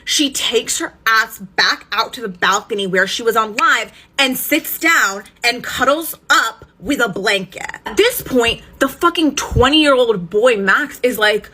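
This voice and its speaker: A woman tells a story in a casual, emphatic way, cursing and sounding indignant. Her voice is high and bright, with a husky, breathy edge. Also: lively intonation, a little slow, hardly any pauses. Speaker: storytime vlogger.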